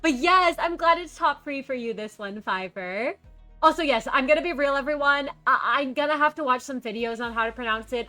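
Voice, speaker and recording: Woman streamer, upbeat casual chat, high bright voice, reads chat and welcomes viewers, faint background music. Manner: bubbly, reads chat messages aloud and greets viewers. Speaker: game streamer.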